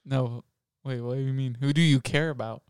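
A man's voice: medium pitch, fairly even intonation, a little fast, a little mellow, smooth, no room sound, studio quality. A man co-hosting a podcast, teasing his partner and laughing often. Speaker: podcast co-host. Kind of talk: casual comedic podcast banter.

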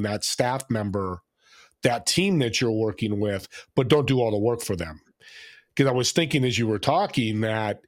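Male guest, mid pitch, animated storyteller who acts out the characters. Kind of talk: conversational interview.

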